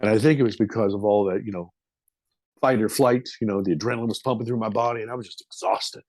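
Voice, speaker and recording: A man's voice: on the low side, quick pace, darkish tone, dry recording. Guy in his fifties on a podcast telling a wild story, emotional, swears a bit, dry close sound. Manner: vivid, emotional retelling with casual swearing. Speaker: podcast guest. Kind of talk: casual storytelling.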